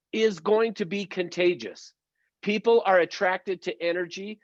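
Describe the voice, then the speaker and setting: An upbeat male sales trainer leads an online session in a high, emphatic voice. His coaching tone pushes listeners to practise and change. The sound is dry and close, with a slightly dull, lo-fi quality. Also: no room sound. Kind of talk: motivational online training talk.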